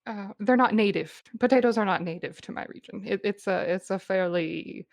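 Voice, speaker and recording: A woman's voice: medium pitch, normal speed, vocal fry, no room sound, clean studio sound, close to an everyday voice. A woman voicing a polite female goblin ranger who stammers and hesitates. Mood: polite, halting.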